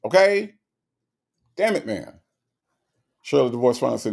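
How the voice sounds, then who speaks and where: Brief: male streamer, casual comedic commentary, gravelly, repeats himself for emphasis. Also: mid-range voice, measured pace, pauses often. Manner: animated, repetitive, laughing asides. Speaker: livestream host reading chat.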